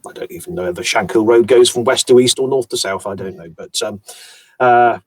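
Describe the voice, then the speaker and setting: A man's voice: medium pitch, a little fast, breathy edge, dry recording. Dry-sounding thoughtful male narrator. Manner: thoughtful, self-deprecating, explains at length. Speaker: audiobook narrator. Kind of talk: conversational interview.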